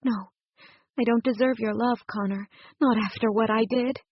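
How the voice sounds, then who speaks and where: Woman reading a vulnerable pregnant young woman, pleading, higher pitch, husky, dull lo-fi audio. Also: steady tone, moderate pace, dry recording. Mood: remorseful. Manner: pleading, tearful, raised pitch.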